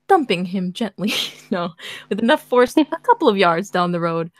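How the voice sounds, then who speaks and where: A woman's voice: mid-range voice, sing-song, moderate pace, no room sound. A woman host reading a story aloud in casual chat, breaking off into sarcastic, laughing commentary.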